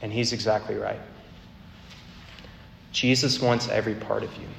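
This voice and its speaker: Earnest preacher in an echoey hall. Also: male voice, fairly low pitch, flat delivery, creaky, fairly bright tone, a little hiss or hum. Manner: earnest, repetitive cadence, slows for emphasis. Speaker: campus minister preaching. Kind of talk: sermon. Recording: echoey hall, faint ambience.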